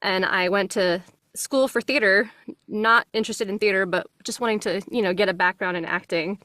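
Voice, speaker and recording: A young voice actress with a faint New Jersey accent, talking in a relaxed, friendly way as an interview guest and laughing easily. She records in a small closet studio at home on a good microphone, and the sound is very dry and close. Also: medium pitch, moderate pace, no echo. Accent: subtle New Jersey. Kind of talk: casual interview chat.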